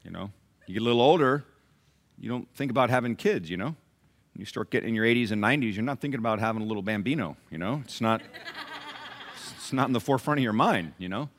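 A man's voice: mid-range voice, animated, fast talker. A male pastor preaching a sermon, telling stories dramatically, acting out voices and asking the congregation questions.

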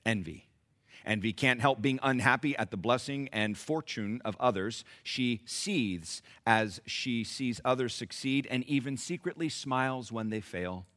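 A male pastor preaching an emphatic, deliberate sermon. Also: mid-range voice, a bit bright.

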